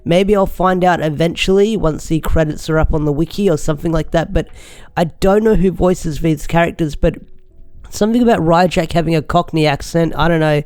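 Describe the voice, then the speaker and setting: Young male reviewer, slightly high voice, clean close sound; chatty, excitable, loose and rambling. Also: fairly quick, clear, resonant tone, dry recording. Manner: chatty, enthusiastic, rambling with restarts. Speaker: show reviewer. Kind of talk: casual video review.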